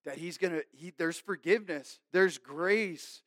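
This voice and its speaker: A pastor with a high voice preaches in an earnest, conversational way, frequently checking in with listeners by asking "okay?" He shifts between forceful, raised lines and soft, hushed asides, recorded close and dry with no echo or room sound.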